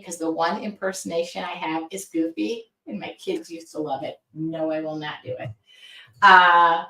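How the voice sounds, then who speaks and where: A woman's voice: on the low side, bright, forceful tone. Effusive middle-aged woman, roomy and distant. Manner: effusive, reads viewer comments aloud. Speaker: art teacher. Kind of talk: casual livestream chat. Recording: roomy sound from away from the mic.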